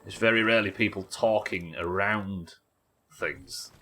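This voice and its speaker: A New Zealand man with a plain accent talks through his plans aloud as he plays a game on a live stream. His low voice still sounds bright and forceful, and he banters loosely with chat, swearing casually, at a slightly slow pace over soft background music.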